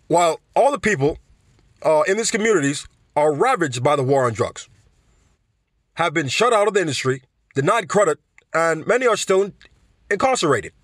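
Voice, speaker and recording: A man doing a raised-pitch impression of a fiery older male politician, preachy and emphatic, with a put-on older New York accent. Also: very animated, normal speed, pauses often, fairly bright tone, no echo, clean studio sound. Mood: indignant. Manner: preachy, emphatic, throat-clearing.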